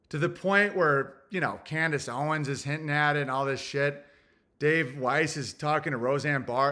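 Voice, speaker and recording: Young guy ranting on his stream, kinda high, crisp bright voice, crude and all over the place. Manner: rambling, crude, thinking out loud. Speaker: livestream host reading super chats. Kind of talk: casual livestream rant.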